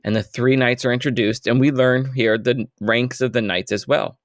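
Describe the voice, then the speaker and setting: A man co-hosting a podcast, recapping the plot in relaxed casual talk and asking questions. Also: mid-range voice, moderate pace, no echo, studio quality. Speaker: podcast co-host.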